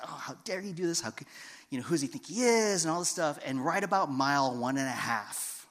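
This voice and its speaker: A man preaching a sermon, telling a personal story and swinging between hushed, quiet passages and loud, emphatic ones. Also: mid-range voice. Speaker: pastor.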